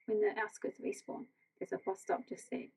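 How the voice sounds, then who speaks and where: A woman soft-spokenly reading the lines of a frightened middle-aged mother on the run, tense and pleading, close to tears. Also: brisk, lightly acted. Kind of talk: soft bedtime story reading.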